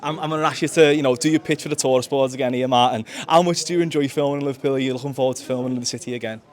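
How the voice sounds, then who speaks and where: A man interviewing for a newspaper, asking questions in a brisk, lightly joking way. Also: mid-range voice, fairly even intonation.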